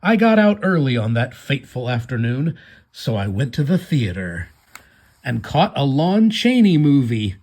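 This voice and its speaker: A man voicing a self-pitying old man who talks in a slow, mournful, drawn-out way while reading his comic aloud. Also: mid-range voice, big pitch swings, a little mellow. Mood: wistful.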